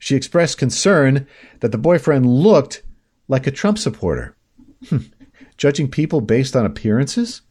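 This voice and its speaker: A man's voice: medium pitch, very animated, measured pace, a little mellow, breathy edge. A man hosting a talk show, reading news items aloud and breaking in with sarcastic, indignant asides. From upstate New York. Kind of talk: opinionated news commentary.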